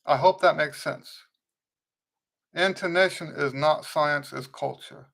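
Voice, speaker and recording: A man hosting a live trumpet Q&A, answering viewers' questions in a relaxed, conversational way, often restarting and checking in with "okay?". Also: a little high, a little slow, gravelly. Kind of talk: casual livestream teaching, answering viewer questions.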